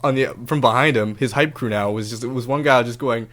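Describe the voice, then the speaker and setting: A man hosting his own show, telling a story in a casual, animated monologue, swearing freely and acting out other people's lines in raised voices. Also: medium pitch, fairly quick, few pauses. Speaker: podcast host.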